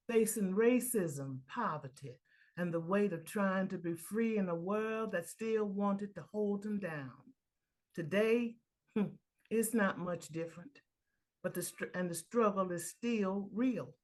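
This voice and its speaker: A woman giving an earnest reflection and then a dramatic poetry recital in a readers' theater, with loud emphatic lines in the reading. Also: mid-range voice. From Baltimore, Maryland.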